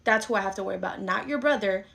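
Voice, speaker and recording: A woman's voice: medium pitch, very fast, gravelly, fairly bright tone. A woman playing a bossy son-doting mom. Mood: lecturing. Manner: scolding, dismissive, indignant. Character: bossy middle-aged mother who dotes on her son. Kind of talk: skit role-play.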